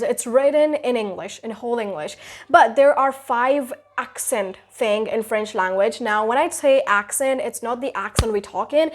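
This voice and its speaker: Chatty young woman teaching basics. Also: on the high side. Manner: chatty, loose, with many fillers like "you know" and "like". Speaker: YouTube creator teaching basic French. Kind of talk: casual video lesson.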